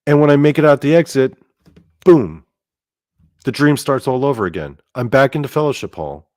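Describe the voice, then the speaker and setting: A man's voice: mid-range voice, lively intonation, moderate pace, darkish tone, no echo, studio quality. A man casually telling a story as host, rambling with lots of fillers and frequent swearing. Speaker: podcast host.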